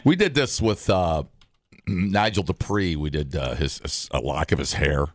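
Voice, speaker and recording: A man's voice: rumbling low, lively intonation, measured pace, no room sound, clean studio sound. A man hosting a morning radio show, joking and rambling with fillers. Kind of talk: casual radio banter.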